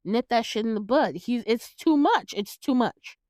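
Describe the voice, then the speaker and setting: Woman recapping a movie, cusses a lot, laughs a lot, smooth voice. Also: on the high side, expressive, normal speed, a little mellow, no echo, clean studio sound. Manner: chatty, swears freely, laughs often, acts out reactions. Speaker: podcast host reviewing a film. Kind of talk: casual chat, movie recap.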